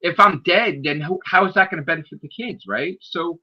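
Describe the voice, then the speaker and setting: Man, husky, bright, animated profane storyteller, dull lo-fi audio. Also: fairly high pitch, a little fast. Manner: animated, profane, acts out quoted people in raised shouting voices. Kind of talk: casual storytelling.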